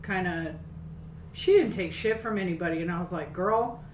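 A woman's voice: on the low side, fairly quick, recorded from a distance, slight background noise. A woman co-hosting a casual movie podcast, chatty and self-mocking, swearing freely. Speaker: podcast co-host. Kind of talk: casual movie review chat. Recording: echoey room, voice set back from the mic.

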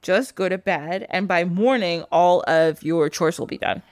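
Brief: calm magic doll giving comfort, woman retelling it in a plain, dry, close voice. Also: fairly low pitch, unhurried, smooth, no echo, close to an everyday voice. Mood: reassuring. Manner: casual retelling, plain own voice.

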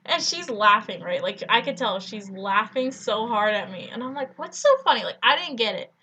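A young woman co-hosting a podcast tells a funny story, giggly and animated, with "like" peppered everywhere. She speaks at normal speed with a medium-pitched voice, and there's a slight hiss or hum in the audio.

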